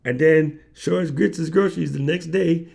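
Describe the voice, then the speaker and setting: A man's voice: on the high side, normal speed, creaky. A man hosting a livestream, telling a story in casual slang and acting out the people he quotes. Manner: animated slangy storyteller, acts out quoted voices. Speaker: livestream host.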